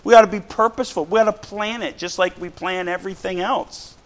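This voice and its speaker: A middle-aged man with a drawl delivers a lively, conversational sermon. His voice sits fairly high for a man, and he keeps throwing questions and asides at his congregation. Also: brisk. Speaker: pastor. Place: church sanctuary.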